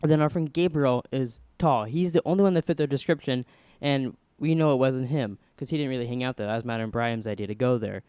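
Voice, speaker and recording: A young man hosting a podcast, casually rambling through an animated story. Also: medium pitch, fairly quick, smooth, no echo. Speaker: podcast host.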